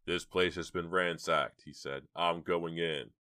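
A man's voice: deep voice, fairly even intonation, a little slow, bright, forceful tone, clean tone. A man voicing a bold teenage boy. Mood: urgent. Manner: urgent, firm, raised voice. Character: brave teenage boy taking charge. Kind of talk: audiobook reading.

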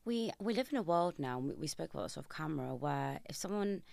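Young woman, podcast host, low-ish voice, emphatic storyteller, dry room. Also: fast talker, vocal fry, no room sound. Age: young adult. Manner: animated storyteller, rising to emphatic outrage. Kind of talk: conversational podcast interview.

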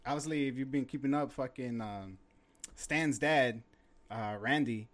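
A man's voice: medium pitch, unhurried, a bit bright. A man chatting casually on a podcast, loose and profane, calling his friends "bro". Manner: loose, swearing, drops "bro" a lot. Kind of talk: casual chat.

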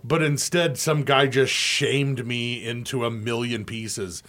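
A man's voice: mid-range voice, slow pace. A man co-hosting a sports radio show, telling a long story with lots of laughter and acted-out voices. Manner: animated, laughing, acts out quoted voices.

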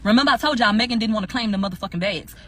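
A woman co-hosting a casual recap, retelling testimony in a profane, animated, ranting way. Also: medium pitch, racing, low-quality recording. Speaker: podcast co-host recapping court testimony.

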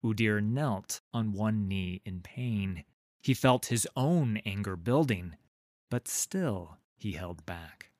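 A man reading a fantasy story aloud in a measured, deliberate way. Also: fairly low pitch, animated, a little mellow, no echo, studio quality. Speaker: narrator. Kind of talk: scripted fantasy narration.

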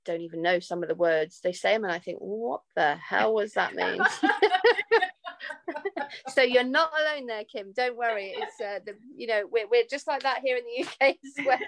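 A woman's voice: a little high, normal speed, creaky, a bit bright. A woman with an English accent, a podcast guest chatting casually and laughing often, with frequent restarts. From England. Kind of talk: casual chat.

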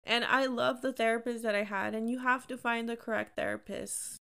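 A woman's voice: on the high side, fairly even intonation, moderate pace, vocal fry, sharp tone, clear, resonant tone. A young woman hosting her own podcast, talking candidly and encouragingly in a chatty way with lots of fillers. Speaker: podcast host. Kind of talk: casual solo podcast talk.

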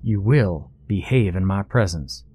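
A man voicing a formal, measured male servant of a sinister king, speaking in a pompous, courtly way. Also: deep voice, expressive, warm tone, husky, exaggerated voice. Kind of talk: storytelling.

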